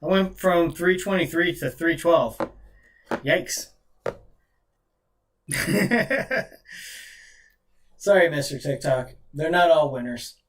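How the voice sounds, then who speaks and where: A chatty man hosting a live stream, with a slightly higher voice than most men. He mixes play-by-play calls with rambling jokes, casual and loose. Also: measured pace, a little hiss or hum.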